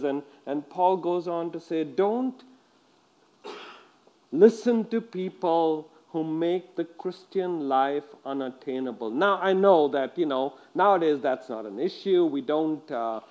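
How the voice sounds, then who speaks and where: A man preaching a sermon to a congregation, lively and repetitive, often asking his listeners questions and stumbling over repeated words. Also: a little high, highs cut off.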